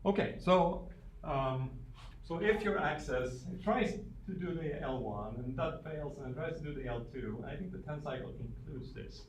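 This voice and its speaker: A man's voice: fairly high pitch, normal speed, slight background noise. A man giving a university lecture, thinking aloud with frequent fillers and restarts. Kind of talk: classroom lecture. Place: lecture room.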